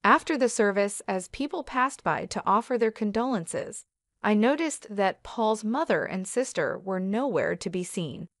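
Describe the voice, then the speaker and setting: A woman narrating a dramatic first-person story in an even, measured way. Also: medium pitch, no room sound, clean studio sound.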